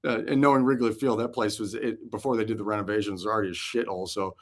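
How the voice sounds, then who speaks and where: This is a man of about forty, once a pitcher, appearing as a guest on an interview show. He tells locker-room stories quickly and loosely, cursing freely and laughing along the way in a relaxed, animated storytelling chat.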